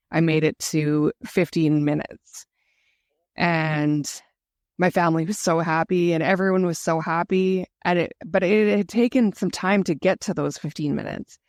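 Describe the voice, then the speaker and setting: A woman's voice: low-pitched, dry recording, studio quality. A woman guest telling her own story in an interview, earnest and reflective. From Canada. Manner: earnest, emotional, reflective retelling.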